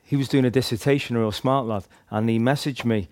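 A man's voice: mid-range voice, fairly even intonation, quick pace, darkish tone, no echo, clean studio sound. A man casually recounts his street evangelism, rambling and leaning on "like" and "you know". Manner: rambling, heavy use of "like" and "you know", restarts. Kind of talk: casual storytelling testimony.

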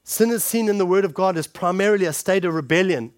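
A man preaching a sermon, calling his listeners friends and shifting between forceful punches and hushed scripture reading. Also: high voice, fast talker, no echo, studio quality. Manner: emphatic, addresses the congregation directly as friends.

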